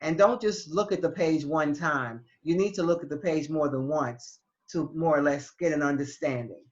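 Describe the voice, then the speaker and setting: Patient woman teaching over muffled call. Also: low-pitched. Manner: patient, halting explanations with many restarts. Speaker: Spanish teacher. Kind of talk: online class for seniors.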